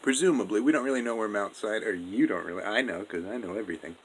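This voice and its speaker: A man's voice: lowish voice, quick pace, slight background noise, lightly acted, low-quality recording. Sex: man. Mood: rambling. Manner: rambling, slangy, full of fillers and swearing. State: drunk. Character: drunk rambling male Jesus, laid-back slacker. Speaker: narrator. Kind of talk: comedic monologue retelling a story.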